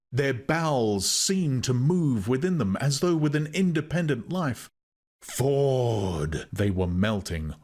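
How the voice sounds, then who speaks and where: An audiobook narrator with a mid-range voice reads a novel aloud, his scripted narration measured and expressive.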